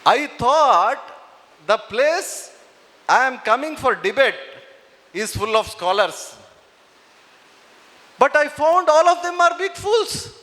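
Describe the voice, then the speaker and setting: Proud boy scholar, scornful and raised, high and bright a male speaker voicing him, echoey hall. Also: very animated, slow pace, long pauses, exaggerated voice.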